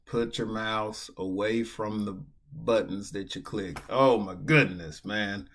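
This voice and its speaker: A man with a lowish, slightly bright voice speaks slowly while streaming online poker at his indoor computer. His casual play-by-play commentary is heavy on venting and swearing.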